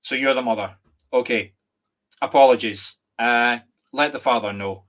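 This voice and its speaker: A middle-aged Scottish man, a medium giving a live reading online, speaking gently and apologetically with many restarts and a catch of emotion. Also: mid-range voice, moderate pace. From Scotland. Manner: emotional, near tears at times. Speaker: psychic medium.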